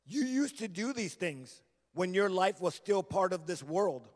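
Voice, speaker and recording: A man's voice: high-pitched, sing-song, unhurried. A middle-aged man preaching a sermon as a guest, telling his story earnestly and acting out remembered conversations. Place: church sanctuary. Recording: long reverb of a large hall.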